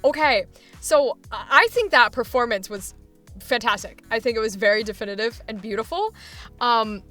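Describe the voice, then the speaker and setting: High bright lady coach, super enthusiastic, giggly, gives feedback. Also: normal speed, faint music behind. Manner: enthusiastic, laughs often, encouraging. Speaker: voice acting coach.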